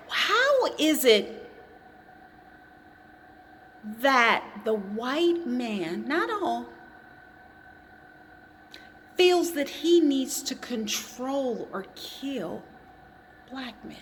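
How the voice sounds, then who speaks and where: Woman, high voice, slow and emphatic, accusatory repetition, reverberant room, faint background noise. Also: big pitch swings, fairly bright tone. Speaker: vlogger. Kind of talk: impassioned spoken monologue.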